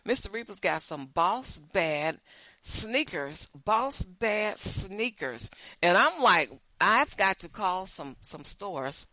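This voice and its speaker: An older woman, hosting a show and telling folksy, animated stories straight to her listeners. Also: mid-range voice, slow, dry recording. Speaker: show host. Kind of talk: casual storytelling monologue.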